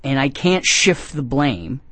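A man's voice: medium pitch, big pitch swings, takes it slowly, fairly bright tone, dry recording. Sarcastic rambling man, dry mic. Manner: rambling, sarcastic, jokey asides. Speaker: podcast host. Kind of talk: comedic casual talk.

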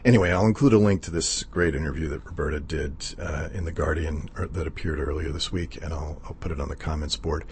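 A man hosting a radio show, chatting casually between songs in a halting way, stammering and restarting with many fillers, into a studio microphone. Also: very deep voice, steady tone, a little mellow, slightly rough. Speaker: radio DJ host.

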